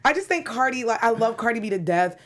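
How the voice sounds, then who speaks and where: A woman co-hosting a casual celebrity gossip chat, animated and laughing often. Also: on the high side, fast talker. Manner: animated, laughs often, acts out quotes loudly. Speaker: co-host.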